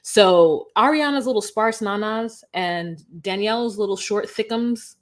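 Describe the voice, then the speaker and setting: A woman's voice: medium pitch, a little slow. Blunt, laughing woman co-host. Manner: blunt, swears casually, laughs easily. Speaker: podcast co-host. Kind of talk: casual chat about reality TV.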